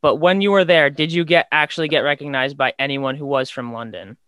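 A man hosting a podcast interview, asking questions in a relaxed, conversational way. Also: fairly high pitch, a little fast, clean tone, no echo. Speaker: podcast host.

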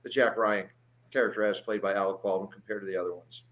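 A man hosting a casual podcast chat over a video call, with a bright, forceful voice. He talks in a loose, animated way and drops the odd mild swear. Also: lowish voice, quick pace. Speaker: podcast host. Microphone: video call mic.

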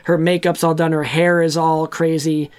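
A man's voice: fairly high pitch, flat delivery, moderate pace, smooth. Rambling man recapping a movie. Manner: rambling, loose, with restarts and acted-out quotes. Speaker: podcast co-host. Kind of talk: casual movie recap chat.

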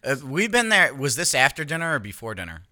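A man with a very bright, forceful voice that sounds smooth and crisp. He chats casually on a podcast, teasing his friend and laughing often. The sound is dry and close, with little room echo. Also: mid-range voice, big pitch swings, quick pace. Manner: laughs often, teasing storyteller, swears freely. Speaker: podcast co-host. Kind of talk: casual chat.

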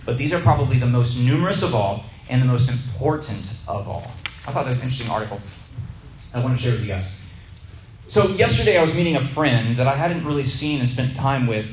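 A man gives a conversational teaching talk, stretching key words out slowly for emphasis. His voice is mid-pitched and carries a roomy echo, and faint noise sits under it. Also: animated. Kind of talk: sermon-style teaching with a personal story.

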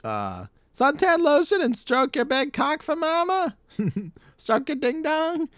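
A doting, crude middle-aged lunch lady coos in a sing-song falsetto, high above the speaker's own voice. A man performs her as a comedy bit. Her delivery croons and lilts. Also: wildly swooping pitch, slow pace, fairly bright tone, no room sound, clean studio sound, full character voice. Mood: crooning.

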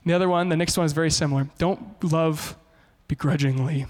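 A male pastor preaching a sermon in an animated way, often slipping into quoted voices. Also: on the high side, a little fast, few pauses, big-room sound.

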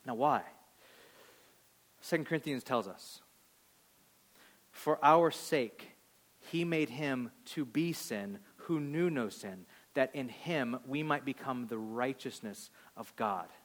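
A male pastor delivering a sermon, building to loud emphatic peaks and dropping to hushed quoted lines, acting out voices from the story. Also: mid-range voice, animated, slow. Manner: acts out voices of people in the story.

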